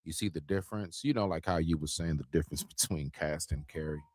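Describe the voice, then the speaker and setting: A man's voice: rumbling low, fast talker, no echo. A man co-hosting a talk stream, arguing his point in a heated, emphatic casual debate. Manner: animated, confrontational, emphatic, demonstrates raising his voice.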